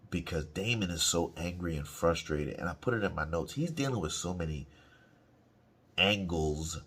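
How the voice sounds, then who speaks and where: A man's voice: sits low, fairly bright tone, husky. A man giving casual, profane, slang-heavy reaction commentary on a TV episode. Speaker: reaction channel host.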